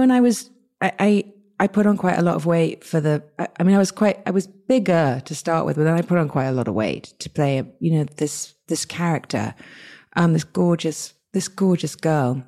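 A woman with an English accent talks in a low voice with a warm, soft tone. She tells her stories casually and with energy. She often breaks off and starts her sentences again, and she acts out the people she quotes. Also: moderate pace. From England. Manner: lively, chatty, many restarts and quoted asides. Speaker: guest. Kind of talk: casual interview storytelling.

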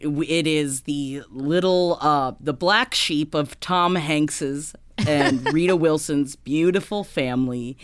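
Slow-talking woman podcast host. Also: low-pitched, dry recording. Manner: laughs often, storytelling with fillers. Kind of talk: casual chat.

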